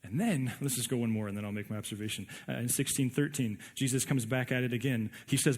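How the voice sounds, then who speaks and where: A man preaching a sermon in a conversational, animated way, often restarting his words. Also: medium pitch, quick pace, hardly any pauses. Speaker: pastor.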